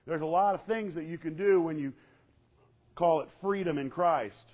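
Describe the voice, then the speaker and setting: A male preacher with a high-pitched voice tells his story with great animation. He swings from loud bursts down to quiet, hushed passages. The recording is dull and lo-fi, as if taken from a church sound system. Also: moderate pace. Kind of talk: sermon.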